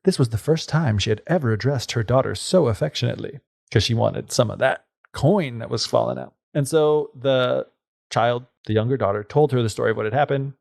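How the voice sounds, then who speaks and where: Chatty man with a gravelly voice. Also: medium pitch, a little fast, darkish tone, no room sound, studio quality. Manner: loose and chatty, with many fillers, putting on voices for the characters. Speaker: podcast co-host. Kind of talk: casual retelling of a fairy tale.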